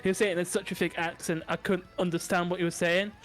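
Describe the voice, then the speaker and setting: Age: adult. Sex: man. Pitch: high. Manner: brash and profane. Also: flat delivery, quick pace, fairly bright tone. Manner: brash and profane, laughs often. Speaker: podcast co-host. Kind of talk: casual chat.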